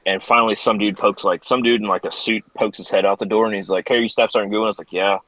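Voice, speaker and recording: A middle-aged man, a veteran guest on a podcast, telling a story in a profane, animated way and acting out the voices in it. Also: fairly low pitch, fast talker, rough recording. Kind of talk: casual storytelling.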